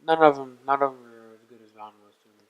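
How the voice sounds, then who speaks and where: A man's voice: medium pitch, quick pace, smooth, highs cut off. A young man co-hosting a podcast in casual chat, teasing his friends and slipping into silly voices. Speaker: podcast co-host.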